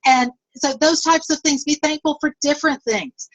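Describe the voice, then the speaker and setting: A woman's voice: sits high, steady tone, normal speed, low-quality recording. A woman leading her sales team on a video call, upbeat and encouraging, with many fillers. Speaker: network marketing team leader.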